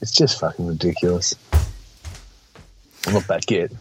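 A man's voice: deep voice, fairly even intonation, normal speed, background noise. A middle-aged man, a podcast co-host grumbling sardonically and swearing heavily. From Australia. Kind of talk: casual profane chat. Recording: husky, dull, dry remote line.

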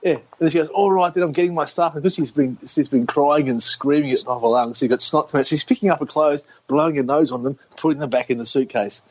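A man's voice: medium pitch, fast talker, hardly any pauses. A man co-hosting a casual podcast, animatedly telling a story with lots of swearing and putting on voices for the people in it. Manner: animated anecdote teller, swearing, laughing, acting out quotes. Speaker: podcast co-host. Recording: slightly dull lo-fi sound with faint noise.

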